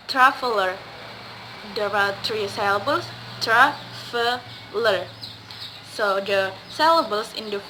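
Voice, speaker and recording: Woman english speaker teaching word stress, slow and hesitant, bit of background hiss. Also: on the high side, bright, forceful tone, rough recording. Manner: hesitant, with fillers and self-corrections; repeats example words slowly, stressing syllables.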